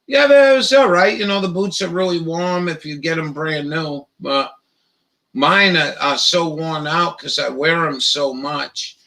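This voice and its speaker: Casting: a slow, drawling male stream host with a raised pitch, cursing and rambling. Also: pushed and bright, low-quality recording. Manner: profane and halting, with many fillers and restarts. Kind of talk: casual rambling chat.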